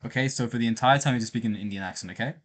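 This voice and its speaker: A man at a middle pitch, chatting casually on a stream. He teases bluntly with lots of slang and filler. His delivery is loose and offhand. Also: racing. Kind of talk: casual chat.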